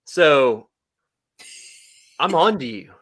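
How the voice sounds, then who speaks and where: Playful man with a fairly high voice. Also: big pitch swings, very slow, a bit bright. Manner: teasing, playful, mock-suspicious banter. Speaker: guest reviewer on a livestream. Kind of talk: casual livestream chat.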